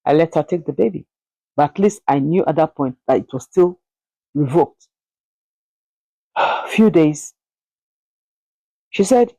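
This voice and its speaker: A woman vlogger telling a personal story in an emotional, halting way, often repeating words. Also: sits low, mellow, dry recording, poor audio.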